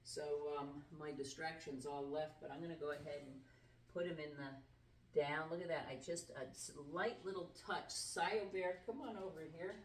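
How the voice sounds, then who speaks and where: Woman, middle-aged, dog trainer, conversational explanations, deep voice, faint background noise. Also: steady tone, moderate pace. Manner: conversational, explains with everyday comparisons. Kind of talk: casual instructional demonstration. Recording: roomy sound from a distant mic with faint background noise.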